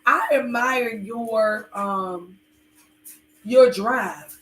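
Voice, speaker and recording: A woman talks in a loose, rambling way, full of fillers and candid asides. Her voice sits a little high, and it echoes around the room. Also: drawn-out words, a bit bright, slight background noise. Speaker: podcast co-host. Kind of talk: casual chat with her husband.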